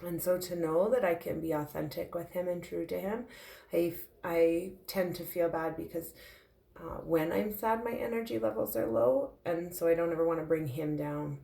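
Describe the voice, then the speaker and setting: A tearful woman speaks in a heartfelt, halting way in a personal confessional vlog. Her voice sits low and has a gravelly edge. The recording sounds roomy and echoey. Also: mellow. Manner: heartfelt, halting, with frequent fillers. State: tearful, emotional. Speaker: intuitive medium sharing her grief.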